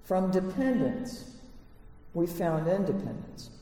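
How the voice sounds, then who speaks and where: A man giving a sermon as minister, reflective and unhurried, pausing often with fillers. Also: high voice, very animated, warm tone. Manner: slow, reflective preaching with pauses and fillers. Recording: echoey hall from far off.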